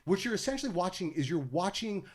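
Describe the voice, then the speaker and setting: A man's voice: high-pitched, expressive, fast. A man, a stand-up comedian guesting on a podcast, telling a long, profane, rambling story and acting out what people said. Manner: rambling comic storytelling, profane, acts out quotes. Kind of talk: casual podcast chat.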